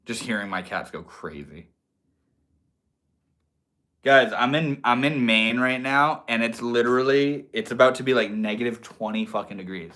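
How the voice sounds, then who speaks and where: A man's voice: mid-range voice, moderate pace, sharp tone. A young man hosting a livestream, chatting casually with viewers in a laid-back, slangy way. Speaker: livestream host.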